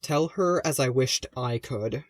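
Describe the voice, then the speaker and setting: A man's voice: medium pitch, a little slow, no echo, studio quality, close to an everyday voice. A man voicing the ghost of a young dwarf prince, earnest and serious, in an audiobook reading. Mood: pressing.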